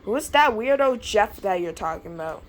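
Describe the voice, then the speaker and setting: A woman's voice: mid-range voice, animated, normal speed. A woman hosting a comedic character skit, playfully switching voices for each character. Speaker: host voicing every character.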